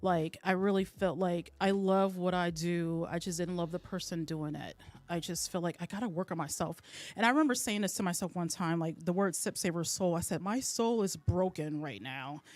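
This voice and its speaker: A woman's voice: lowish voice, normal speed, few pauses, a little mellow, no room sound. A woman in her thirties, a chef, guest on an interview show, telling an emotional personal story in a casual, earnest way.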